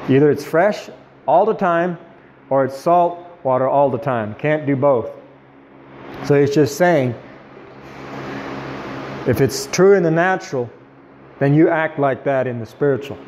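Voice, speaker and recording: A man leading an informal Bible study, chatting with the group and slowing down to quote scripture. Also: mid-range voice, darkish tone, slight background noise. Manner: conversational, quoting scripture slowly.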